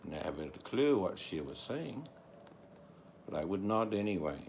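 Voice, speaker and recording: A man's voice: deep voice, very animated, moderate pace, gravelly, a little mellow, slight background noise. A Scottish man from Scotland chatting casually, joking and telling stories with some swearing. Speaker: vlogger. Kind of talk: casual chat.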